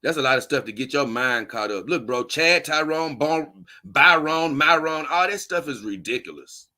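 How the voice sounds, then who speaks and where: Man, livestream host, blunt slangy advice, tense bright tone, slightly high voice. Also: animated, moderate pace. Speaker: host reading viewer comments. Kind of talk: casual livestream talk.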